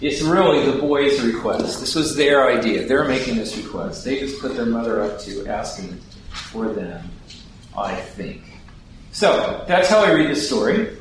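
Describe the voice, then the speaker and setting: A man's voice: medium pitch, animated, a little slow. A man giving sermon-style Bible teaching, putting questions to his listeners as he explains a passage. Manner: poses questions to the audience. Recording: very echoey hall, distant mic, background noise.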